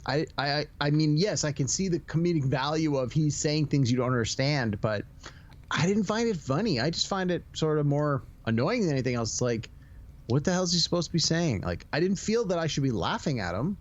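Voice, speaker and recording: A man's voice: on the high side, lively intonation, fairly quick. A man co-hosting a movie review podcast, talking in a hesitant, skeptical way with many restarts. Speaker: podcast co-host. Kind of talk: casual movie review chat. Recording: dull lo-fi sound.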